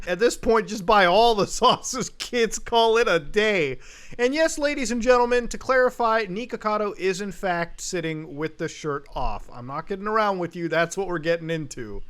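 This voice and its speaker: A man doing sarcastic, animated commentary on a video channel, swearing casually. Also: high voice. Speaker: commentary YouTuber. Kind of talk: reaction commentary.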